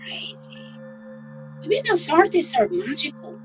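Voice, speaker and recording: A woman's voice: sits high, big pitch swings, slow, pauses often, music in the background. A woman hosting a live art stream, chatting casually and rambling cheerfully into a computer microphone.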